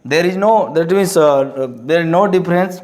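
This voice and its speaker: A man teaching a lesson, halting and full of fillers and restarts. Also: a little high, a little mellow. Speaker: English teacher. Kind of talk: classroom-style lesson. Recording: echoey room.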